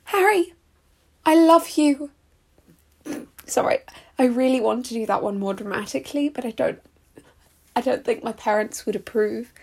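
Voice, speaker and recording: Young woman, high voice, reads varied short sample lines for a name test, clear and deliberate. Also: fairly even intonation, darkish tone. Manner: shifts between everyday scenarios, clear and deliberate.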